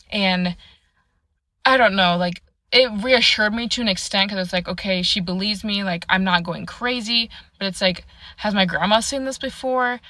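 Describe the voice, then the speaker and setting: Young woman, bright voice, rambling storyteller, dry close mic. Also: medium pitch, normal speed, no echo. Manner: rambling, full of "like" fillers. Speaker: storyteller in a clip. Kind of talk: casual spoken storytelling.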